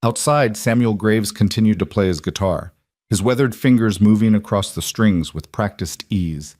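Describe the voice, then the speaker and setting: A man narrating a frontier storybook, slow, solemn and measured. His voice sits low. The recording is close and dry. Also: a little mellow, no echo.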